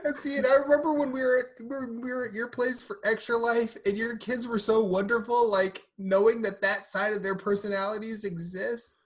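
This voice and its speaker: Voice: medium pitch, fairly even intonation, moderate pace, few pauses. Laughing podcast host steering the talk. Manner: laughs often, steers the conversation. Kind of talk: casual podcast chat.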